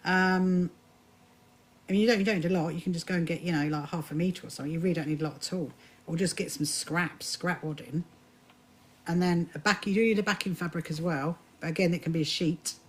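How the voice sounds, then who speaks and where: A woman with a fairly low voice hosts a casual sewing live stream, talking fairly quickly. She's chatty, often restarts her sentences, and greets viewers by name, picked up by a phone or camera mic.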